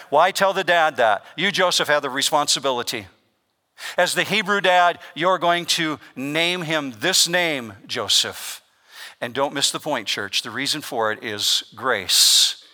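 A man preaching a sermon as pastor, emphatic, with dramatic pauses and sudden swings in volume. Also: a little high, pushed and bright. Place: church sanctuary. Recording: long reverb of a large hall.

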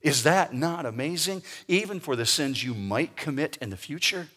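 A man preaching a sermon in a church, his pitch sitting a little high and swinging widely from hushed to loud. He is emphatic and slows right down to stress key words. A long reverb from the large hall trails each phrase. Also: lively intonation, husky. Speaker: pastor. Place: church sanctuary.

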